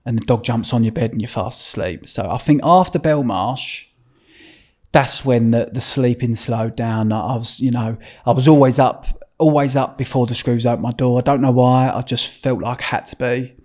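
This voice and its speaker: A man's voice: medium pitch, moderate pace, darkish tone. Blunt Essex man telling prison stories. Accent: Essex English. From Essex, England. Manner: blunt, swears freely, rambling with restarts. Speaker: guest. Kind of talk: casual interview storytelling.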